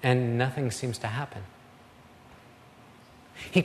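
Slow, earnest preaching man. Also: fairly high pitch, expressive, in a large hall. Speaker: pastor. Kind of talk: sermon.

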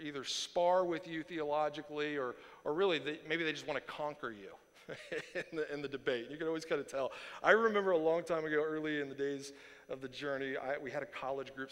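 A man's voice: a little high, long reverb tail. A man preaching a sermon as pastor, talking casually with fillers and acting out the voices of others. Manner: animated, acts out quoted voices, casual fillers.

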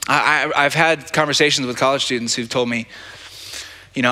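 A man's voice: medium pitch, steady tone, brisk, bright, forceful tone. A man preaching a sermon as pastor at a church service, talking conversationally, repeating words and asking "right?" often. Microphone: handheld or stage mic.

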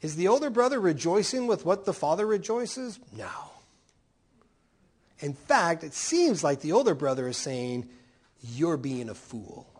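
Middle-aged male pastor, lively sermon delivery, high voice with lots of swing, keeps asking the congregation rhetorical questions. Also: moderate pace. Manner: animated, rhetorical questions, voicing quoted speakers.

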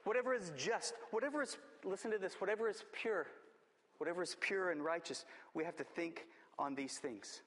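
A man's voice: high-pitched, a little fast, a bit bright. A man preaching a sermon as a pastor, emphatic, repeating his key phrases. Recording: long church reverb.

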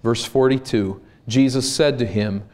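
Male pastor from Minnesota, unhurried sermon delivery with rising emphasis. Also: mid-range voice. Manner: slow, deliberate preaching that rises to loud emphasis.

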